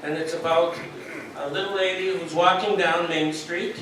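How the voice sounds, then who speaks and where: A man speaking at a reunion, telling jokes to the audience as a slow, chuckling storyteller. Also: a little high, steady tone, noisy background. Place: large echoey hall at a reunion. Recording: echoey hall, distant mic, crowd.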